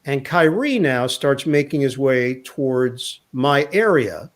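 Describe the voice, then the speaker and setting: A man, a sports broadcaster, telling an animated anecdote in a casual interview and quoting people along the way. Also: mid-range voice, slow. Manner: animated anecdote teller, quotes others in voices.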